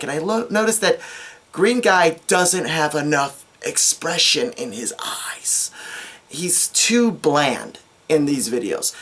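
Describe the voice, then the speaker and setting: A woman giving casual, ranting commentary on her own comedy skit, exasperated and self-critical. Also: sits low. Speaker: commentary video creator.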